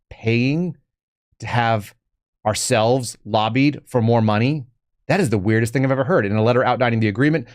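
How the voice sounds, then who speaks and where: A man's voice: lowish voice, no echo. Sarcastic male podcast host, dry sound. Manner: sarcastic, rambling, joking asides. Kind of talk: casual political commentary.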